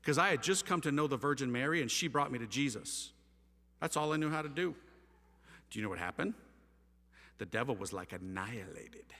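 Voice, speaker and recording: A man giving an impassioned, slangy testimony to a live audience, his storytelling swinging between loud and hushed. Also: mid-range voice, brisk, long pauses. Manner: animated, slangy storytelling with wide swings of loudness. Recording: hall reverb.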